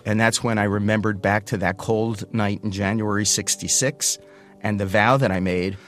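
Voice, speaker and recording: Under clear guitar music, a storyteller speaks at normal speed in a low, steady voice about his own career. He tells it animatedly, acting out the voices of those he quotes.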